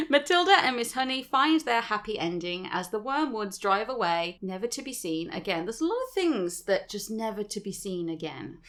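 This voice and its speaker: A woman's voice: medium pitch, fairly bright tone. A woman co-hosting a podcast, casually retelling a story with sweary asides and laughter. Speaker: podcast co-host.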